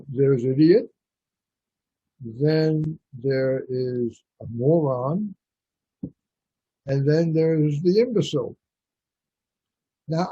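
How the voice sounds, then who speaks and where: Blunt male talk-radio host with a rambling delivery, a fairly high, dark and mellow voice. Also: slightly rough, dry recording. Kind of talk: casual radio monologue. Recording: dull lo-fi radio audio.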